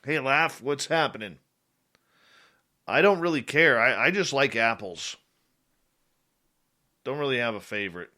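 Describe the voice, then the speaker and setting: A man hosts a late-night talk radio show in a casual, chatty way. His voice is bright and forceful at a middle pitch, and he greets listeners from the chat by name. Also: lively intonation, a little slow, long pauses. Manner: chatty, reads out chat names.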